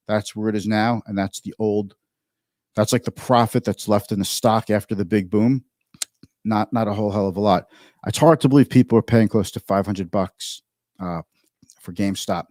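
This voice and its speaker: Host, male, 50s, chatty livestream commentator, mid pitch, dry close mic. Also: a little mellow, no room sound. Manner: chatty, reads viewer comments aloud, halting restarts.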